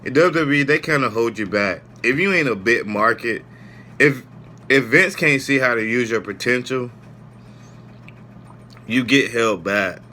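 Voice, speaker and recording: A man's voice: mid-range voice, measured pace, long pauses, sharp tone, a little hiss or hum. A man giving a casual, heartfelt spoken review, rambling with many "you know"s and "man"s. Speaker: wrestling show reviewer.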